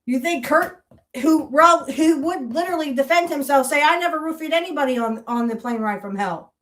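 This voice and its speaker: At a moderate pace and with a fairly bright tone, a high-voiced woman rants at length as a podcast host. She is heated and accusatory, swears freely, and hammers away with the same rhetorical challenges.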